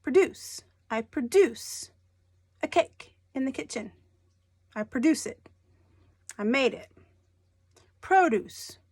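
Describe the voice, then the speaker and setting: A woman teacher explaining word stress in a slow, deliberate way, stressing each syllable. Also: high-pitched, slightly rough, no echo. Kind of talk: recorded lesson on homographs.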